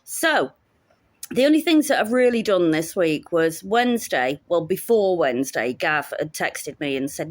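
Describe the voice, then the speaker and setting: A woman recounts her week in a casual vlog, with a wry and sarcastic edge. Her voice sits fairly low. The sound is dry and close, with no room around it. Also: lively intonation, moderate pace, no echo. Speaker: teacher.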